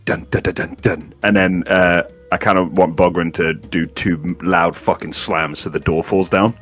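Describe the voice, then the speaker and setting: A man's voice: low voice, steady tone, normal speed, fairly bright tone, soft background music. A man playing a tabletop game in character, brash, bossy and full of swearing. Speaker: player.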